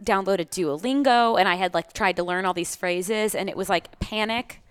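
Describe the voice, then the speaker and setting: A woman's voice: mid-range voice, moderate pace, smooth, no room sound, clean studio sound. A woman who co-hosts a podcast and works in TV news, chatting with playful, jokey asides. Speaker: podcast co-host, TV news presenter. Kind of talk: casual chat.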